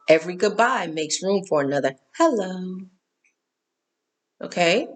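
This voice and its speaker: A middle-aged woman hosting a casual spiritual talk, candid and emphatic, repeating herself and cursing now and then. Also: fairly low pitch.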